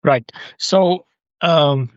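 An earnest male interviewer speaks hesitantly, stumbling over restarts. His voice sits a little on the higher side. The audio is dry and slightly dull, with a lo-fi edge. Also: very slow, no echo. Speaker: interviewer and book reviewer. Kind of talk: conversational interview.

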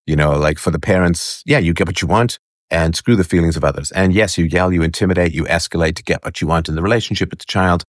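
A man giving commentary as he reads an article and reacts to a clip, halting with fillers and scornful asides. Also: low voice, no room sound, clean studio sound.

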